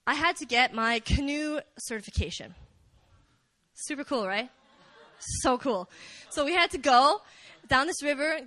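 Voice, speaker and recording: A young woman preaching casually at a prayer meeting, animated and chatty, joking with the listeners. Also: on the high side, dry recording. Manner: animated, chatty, jokes with the crowd. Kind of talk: casual sermon.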